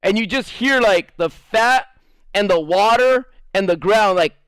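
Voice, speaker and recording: A man's voice: sits high, unhurried, fairly bright tone, clean tone, no echo. Rambling, foul-mouthed man streamer. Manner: rambling, filler-heavy, crude and profane. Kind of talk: casual storytelling to a live chat.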